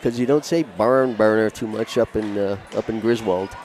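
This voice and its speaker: A man commenting on a high school basketball game, chatting and joking with his co-host between plays. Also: moderate pace, a little mellow. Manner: chatty, jokey banter with co-host. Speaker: play-by-play commentator. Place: school gymnasium. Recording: noisy gym with ball bounces.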